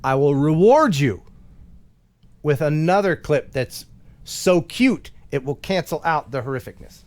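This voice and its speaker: A man's voice: on the high side, animated, unhurried. A man hosting a casual live stream, teasing his co-host with playful, laughing banter.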